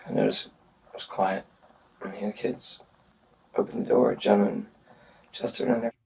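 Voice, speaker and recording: A man speaking haltingly in a police interview, pausing often, in a gravelly voice. He sits away from the microphone, and faint noise runs under his voice. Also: on the low side, wildly swooping pitch, a little mellow, distant mic, poor audio. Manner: halting, hesitant, full of pauses. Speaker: murder suspect in a police interview. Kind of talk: recounting events in an interview.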